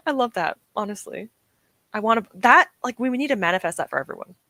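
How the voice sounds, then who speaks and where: A woman's voice: mid-range voice, lively intonation, fast talker, bright, forceful tone, no echo. A young woman streaming from home, chatting casually and encouragingly with her live chat, often laughing. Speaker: streamer hosting reading sprints.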